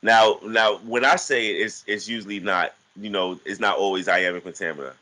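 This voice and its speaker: Man, very deep voice, bright forceful tone, casual teaching talk, halting, repeats words. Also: steady tone, poor audio. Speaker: guest teaching artist.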